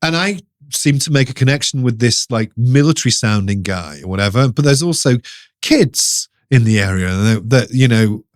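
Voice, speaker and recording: A middle-aged man telling a ghost story in an interview, animated, laughing often and restarting his sentences. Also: mid-range voice, moderate pace. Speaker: guest storyteller.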